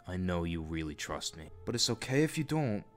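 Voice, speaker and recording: A narrator voicing a manipulative older man who coaxes and threatens in a low voice. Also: big pitch swings, fairly quick, faint music behind. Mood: coaxing. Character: manipulative, menacing older male groomer.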